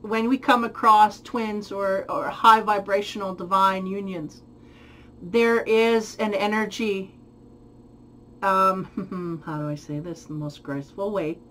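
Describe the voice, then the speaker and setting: Woman, tarot reader, mid-pitched voice, musing, groping for words, light laughs. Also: fairly even intonation, unhurried, fairly bright tone, poor audio. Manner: thoughtful, searching for words, frequent light laughs. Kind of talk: spiritual tarot reading.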